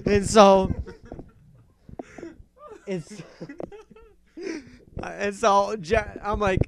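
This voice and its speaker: A young man hosting a casual talk show, telling a story in an animated way, laughing and swearing often. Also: high voice, very slow, vocal fry, long pauses. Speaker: podcast host.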